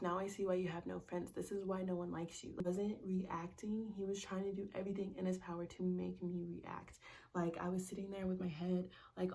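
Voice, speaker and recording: A woman's voice: on the low side, mellow, far from the mic. A young woman telling a personal story in casual vlog style, blunt and profane, with many "like"s and "bro"s, sometimes dropping to a whisper. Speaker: vlogger.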